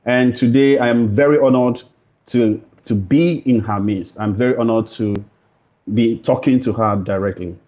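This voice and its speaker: A Nigerian man hosting an interview show, formal and welcoming, pausing often with fillers. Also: medium pitch, warm tone, highs cut off. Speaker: podcast host. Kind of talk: hosted interview.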